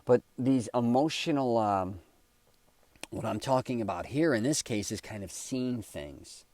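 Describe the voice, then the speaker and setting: A man's voice: mid-range voice, lively intonation, measured pace, darkish tone, no echo. A man hosting his own podcast, talking casually in a rambling monologue and correcting himself as he goes. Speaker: podcast host.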